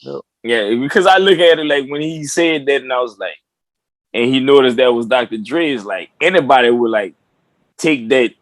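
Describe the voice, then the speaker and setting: A man with a middle-pitched voice, recorded close and dry. He hosts a loose, profane podcast chat, retelling stories and breaking into laughs. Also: expressive, moderate pace, no echo, low-quality recording. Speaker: podcast host. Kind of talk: casual chat.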